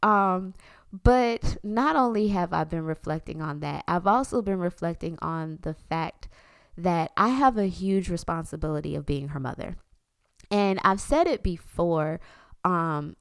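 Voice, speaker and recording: Woman, 30s, podcast host; frank and conversational, smooth clear voice, dry close recording. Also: on the low side, no room sound. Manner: candid, chatty, with frequent fillers. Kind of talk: personal podcast monologue.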